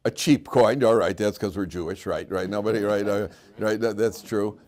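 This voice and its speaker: Older man, low-voiced rabbi at a classroom lesson; meandering, full of restarts, quick with a joke. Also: darkish tone. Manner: rambling, many fillers and restarts, joking storyteller. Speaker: rabbi teaching a weekly class. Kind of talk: informal Torah class with jokes. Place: classroom with students.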